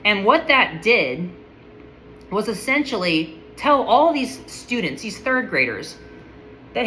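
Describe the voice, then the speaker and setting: A woman's voice: medium pitch, very animated, slow pace, sharp tone, a little hiss or hum, rough recording. A woman speaking in a casual, enthusiastic monologue, full of admiration and often restarting her sentences.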